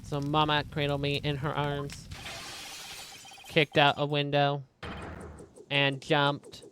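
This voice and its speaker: A man as a mourning soldier drone, flat and mechanical, a little high-pitched. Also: slow, a little hiss or hum. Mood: mournful. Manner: flat, robotic delivery. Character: grieving male soldier talking through a drone.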